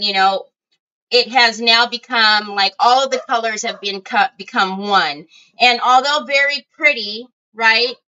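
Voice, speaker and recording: A woman's voice: on the high side, bright, forceful tone, clean tone. A middle-aged woman hosting a craft livestream, chatting casually and greeting viewers by name. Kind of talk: casual live-stream chat. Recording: dull lo-fi home stream audio.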